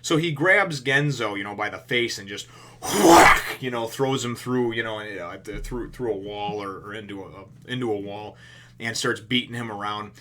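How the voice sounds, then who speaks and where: A man's voice: fairly low pitch, moderate pace, noisy background. A man casually talking through a comic chapter for his channel, rambling with lots of fillers and restarts and swearing freely. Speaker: video reviewer. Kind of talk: casual chat.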